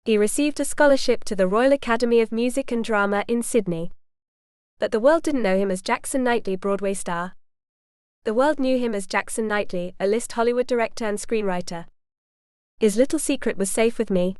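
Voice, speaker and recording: A woman narrating a first-person romantic comedy audiobook in a lively, cheeky manner. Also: fairly high pitch, moderate pace, clear, resonant tone, no room sound, studio quality.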